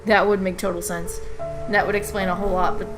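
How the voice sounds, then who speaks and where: A woman commenting as she plays a story game, chatty and thoughtful with quick asides. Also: mid-range voice, level tone, over music. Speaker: let's play gamer.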